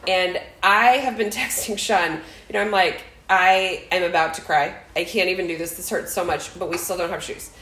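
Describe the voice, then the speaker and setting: A woman's voice: on the low side, normal speed, few pauses, echoey room, rough recording. A middle-aged woman telling a family story in casual chat, acting out quotes with laughter. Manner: animated, acts out quotes with laughter.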